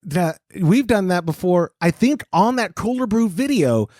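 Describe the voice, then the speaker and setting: High, animated man hosting a chat. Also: measured pace, no room sound, clean studio sound. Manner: animated, joking storyteller. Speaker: podcast host. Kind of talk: casual chat.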